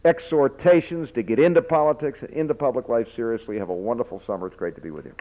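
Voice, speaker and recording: A man's voice: mid-range voice, fast, over a noisy crowd, very noisy. An older man giving an informal speech from a platform, telling anecdotes in a folksy way with frequent fillers and restarts. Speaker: speaker addressing students. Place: speaking from a platform to an audience.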